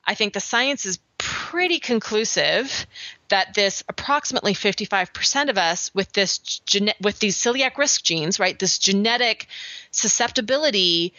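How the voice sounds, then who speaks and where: A woman's voice: mid-range voice, lively intonation, normal speed, bright, forceful tone, no room sound, lo-fi sound. A woman hosting a podcast, explaining science in a casual way with fillers and restarts. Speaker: podcast host.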